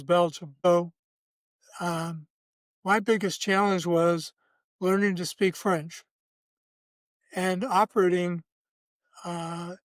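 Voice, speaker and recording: A man in his seventies, a guest telling relaxed personal anecdotes in a measured way. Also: high-pitched, no room sound. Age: 70s. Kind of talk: casual storytelling.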